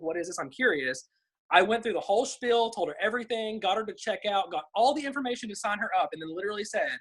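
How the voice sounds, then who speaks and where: A woman's voice: mid-range voice, fairly bright tone, husky, poor audio. A young woman chatting on a group video call, sharing tips in a bubbly, chatty way with plenty of fillers. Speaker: team member sharing tips.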